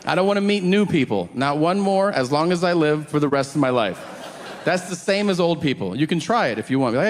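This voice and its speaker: A man's voice: on the high side, lively intonation, fairly quick, in a large hall, slight background noise. A man doing a stand-up comedy set on stage, dry and profane, acting out quotes.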